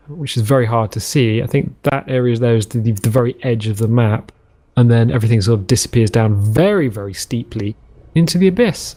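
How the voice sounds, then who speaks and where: A man's voice: mid-range voice, a little mellow. A man hosting a let's play, chatting and musing aloud in a rambling way while he plays a survival game. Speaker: gaming channel host.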